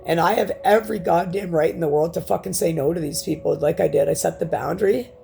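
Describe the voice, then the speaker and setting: A woman's voice: on the low side, fast talker, creaky, warm tone, soft background music. A woman in her forties venting in a rambling, profane personal monologue to camera. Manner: emphatic, profane, rambling rant. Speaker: vlogger.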